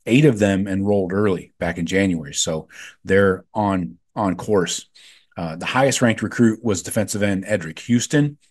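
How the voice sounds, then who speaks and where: Low-pitched and darkish in tone, a man talks at normal speed while hosting a sports podcast. He's casual and full of filler words, offering frank opinions as he goes.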